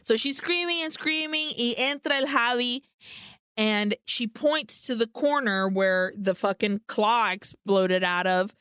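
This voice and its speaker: Slow, smooth-voiced woman recapping a film. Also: a little high, fairly bright tone, no room sound, clean studio sound. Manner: swears freely, drops Spanish words into English. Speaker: podcast co-host. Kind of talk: casual chat, recapping a film plot.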